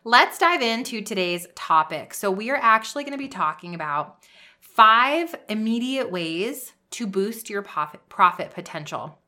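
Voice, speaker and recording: A woman's voice: mid-range voice, lively intonation, measured pace, pushed and bright. A woman hosting a podcast, giving an upbeat pep-talk style coaching monologue. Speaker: podcast host and business coach.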